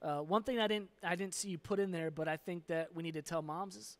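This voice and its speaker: A man's voice: high voice, brisk. Plain-spoken man pastor. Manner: plain-spoken and frank, with fillers. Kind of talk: conversational sermon.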